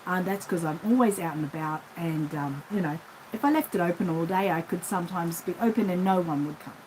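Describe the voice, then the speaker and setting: A woman's voice: lowish voice, fairly quick, darkish tone, slight background noise, low-quality recording. A middle-aged Australian woman who runs a doll shop, telling a rambling everyday story in a casual vlog and acting out the voices in it. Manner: chatty, rambling, acts out the voices in her anecdotes. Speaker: reborn doll shop owner.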